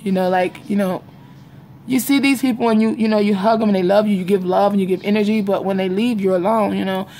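A woman's voice: medium pitch, steady tone, quick pace, mellow, slight background noise. A young woman vlogging casually to her viewers, rambling and confiding, repeating herself and calling them y'all. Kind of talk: casual vlog chat to viewers. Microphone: phone or webcam in front of her.

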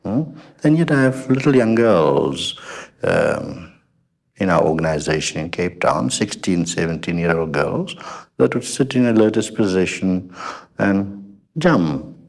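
A male spiritual teacher speaking to an audience in a very deep, unhurried voice. He talks deliberately and checks in with a soft "hmm?" after his points. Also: expressive, creaky. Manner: slow, deliberate, with "hmm?" tags.

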